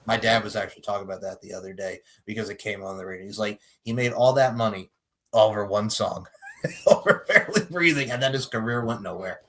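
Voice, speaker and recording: A man's voice: fairly low pitch, brisk, a bit bright, low-quality recording. A man co-hosting a podcast, telling stories in a laid-back, casual way. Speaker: podcast co-host.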